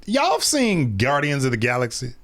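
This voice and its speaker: A man chatting casually as a guest on a podcast, lively and quick to riff and joke. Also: medium pitch. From grew up partly in West Germany. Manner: animated, riffs and sings along. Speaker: guest voice actor.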